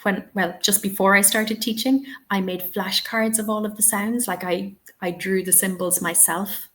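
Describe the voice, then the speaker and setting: A woman's voice: mid-range voice, steady tone, moderate pace, fairly bright tone. A woman hosting a live webinar, patiently answering questions and giving spoken examples. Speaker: English teaching trainer.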